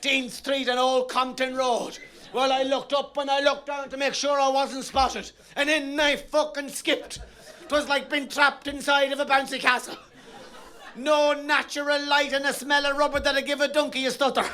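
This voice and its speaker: A middle-aged Irish comedian on a theatre stage, working a bawdy stand-up routine. His voice sits strikingly high for a man, and his stories run rowdy, with the punchlines bellowed out. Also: flat delivery, moderate pace, bright, forceful tone. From Ireland.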